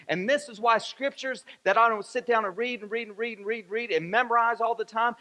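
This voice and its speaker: Male pastor, high bright tone, repetitive emphatic sermon delivery, echoey church hall. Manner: repetitive, emphatic preaching with rising fervor. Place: church sanctuary.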